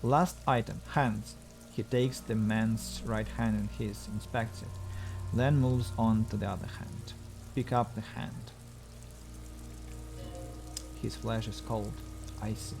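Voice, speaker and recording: A man's voice: fairly low pitch, steady tone, measured pace, creaky, darkish tone, soft background music. A male streamer reading a video game's text aloud, with wry asides between the lines.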